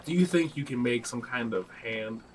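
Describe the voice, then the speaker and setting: A man playing a character in a tabletop game, speaking in a relaxed, casual way. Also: medium pitch, moderate pace, a little hiss or hum. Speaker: player.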